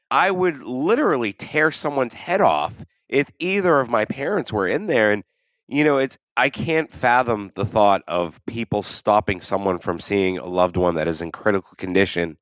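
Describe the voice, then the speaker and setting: A man's voice: medium pitch, lively intonation, moderate pace, fairly bright tone, dry recording. Guy cohost talking blunt and loose, dry close mic. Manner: blunt, casual, swearing. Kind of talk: casual chat.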